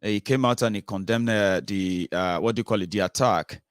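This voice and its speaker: A political commentary host with a Nigerian accent gives a fervent monologue at normal speed in a low, clean-toned voice. He's emphatic, relies on rhetorical questions, and drops frequent filler sounds between points. The recording is dry, without room echo.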